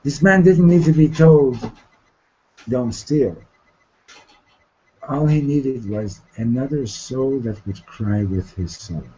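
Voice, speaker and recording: Male teacher, mellow voice, storytelling lesson, stop-start delivery, muffled classroom recording. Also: mid-range voice, breathy edge. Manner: halting, repeats words and restarts, asks "Okay? Right?".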